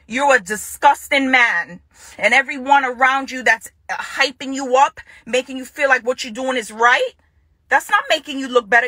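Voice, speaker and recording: Jamaican lady vlogging, fired up and repeating herself, bright sharp voice pitched a bit high. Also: husky, no echo. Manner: confrontational, repeats her phrases for emphasis. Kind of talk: direct-to-camera vlog rant.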